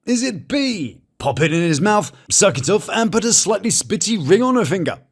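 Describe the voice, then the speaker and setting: A man's voice: sits high, sing-song, breathy edge. A man, giving cheeky, mocking commentary over reality TV clips. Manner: mocking, cheeky, quick asides. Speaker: reality TV reviewer.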